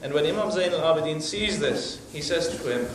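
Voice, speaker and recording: A high-voiced male preacher tells his story with steady emphasis. His voice booms around a large, very echoey hall and sounds distant from the microphone. A faint hiss lies underneath. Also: brisk. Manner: emphatic storytelling with religious phrases. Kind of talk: storytelling sermon.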